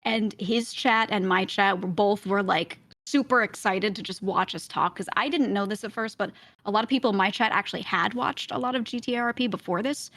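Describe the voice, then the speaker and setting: A woman's voice: mid-range voice, fairly bright tone, dry recording. A woman guest on a podcast, telling a long story in casual chat with frequent laughs. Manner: chatty storyteller, quick laughs.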